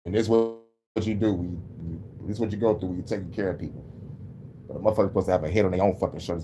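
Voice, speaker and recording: A man's voice: sits low, fairly even intonation, very fast, background noise. A man talking casually on his livestream, rambling and venting with heavy swearing. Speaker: livestreaming musician.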